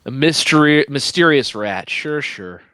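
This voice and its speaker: A man's voice: mid-range voice, expressive, a little slow, bright, forceful tone, dry recording. A man co-hosting a podcast, giving playful, chuckling commentary in casual book chat. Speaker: podcast co-host.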